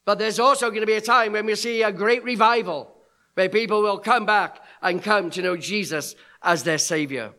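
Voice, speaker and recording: Male preacher, middle-aged, bright tense tone; animated storyteller. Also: high voice, normal speed. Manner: animated storyteller acting out quoted voices. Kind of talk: sermon storytelling.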